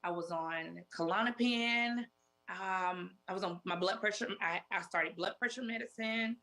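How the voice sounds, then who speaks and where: This is a woman in her forties speaking as a talk show guest. She talks in a halting, repetitive way and keeps circling back to what was said. Her voice sits at a middling pitch. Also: sharp tone. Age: 40s. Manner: halting, repeats herself, retells with many "I said". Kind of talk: emotional interview testimony.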